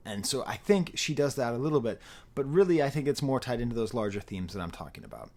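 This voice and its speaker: A man giving a casual, rambling spoken album review, animated and prone to interrupting himself. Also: medium pitch, quick pace. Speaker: music reviewer.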